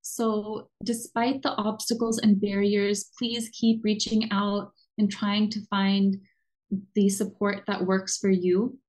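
American woman counselor on a podcast, encouraging, expressive, mid pitch. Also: slow pace, low-quality recording. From United States. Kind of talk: conversational interview.

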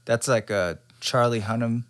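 A podcast co-host, this man has a mid-range, fairly bright voice with a steady tone and normal speed. He chats casually, laid-back and agreeable.

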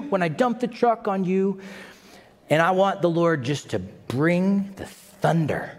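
A male pastor delivers a sermon in an animated, dramatic way, putting questions to the congregation. His voice sits fairly high and moves constantly up and down. A long reverb from the hall trails behind every line. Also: a little slow.

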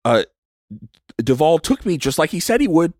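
A man voicing an excitable young male sibling who gushes and apologizes in a rush. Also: fairly high pitch, dry recording, clean studio sound, voice pushed up. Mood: gushing. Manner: rushed, gushing.

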